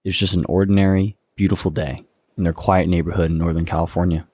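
A man's voice: sits low, flat delivery, fast, darkish tone, breathy edge. A man narrating a true story in a conversational way, with teasing asides to the listener.

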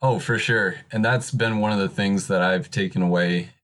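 A man's voice: lowish voice, fairly even intonation, normal speed, fairly bright tone. A man talking openly and earnestly in casual podcast conversation. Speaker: podcaster, co-host.

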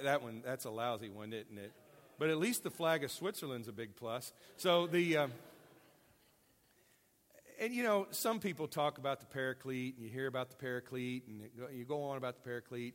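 A male pastor preaching a sermon in an animated, folksy way, with self-deprecating jokes. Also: mid-range voice, big-room sound.

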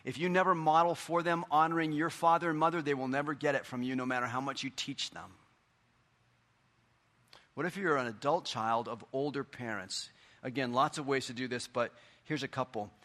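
Middle-aged male pastor, earnest conversational sermon, mid-range voice, quiet asides. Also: medium pitch, fairly even intonation, a little fast.

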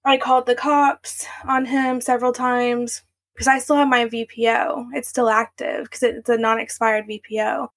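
A woman's voice: on the high side, level tone, moderate pace. A young adult woman, a podcast guest, candidly recounting a personal story in a rambling, run-on way. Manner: candid, run-on storytelling with frequent "like" and "you know".

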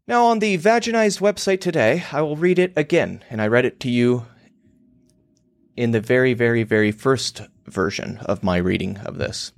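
A man's voice: mid-range voice, expressive, moderate pace, no echo, studio quality. A man hosting his own show, delivering a crude, emphatic monologue on copywriting. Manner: emphatic, provocative, crude and theatrical.

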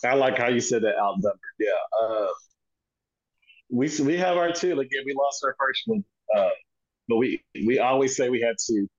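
A man's voice: mid-range voice, normal speed. A middle-aged man with a mid-range voice talks in an emphatic, conversational way. His recording sounds dull and lo-fi, with the top end muffled. He is a podcast co-host in casual chat.

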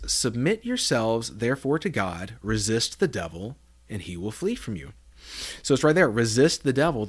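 A man hosting a Bible teaching podcast, reading scripture aloud and stressing key words earnestly. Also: mid-range voice. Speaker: podcast host.

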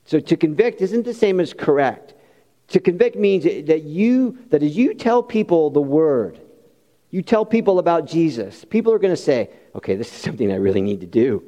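A man's voice: on the high side, warm tone. A man preaching a sermon as a pastor, impassioned and rising to emphatic peaks, with folksy personal asides. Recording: long hall reverb.

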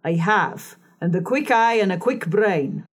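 A woman voicing a harsh, decided old female fortune teller in an audiobook reading, speaking slowly and deliberately. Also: medium pitch, expressive, slightly rough. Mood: probing.

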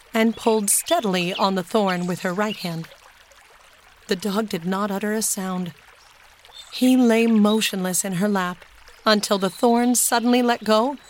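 A woman narrates a children's story in a steady, gentle reading voice. Her pitch sits in the middle, with a faint hiss in the background. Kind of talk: storybook read-aloud.

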